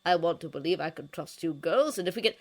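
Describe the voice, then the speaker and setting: A woman reading a fanfiction story, voicing a smooth-talking older male ruler who is patient and condescending. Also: fairly low pitch, expressive, fast, heavy background noise, lightly acted. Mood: evasive.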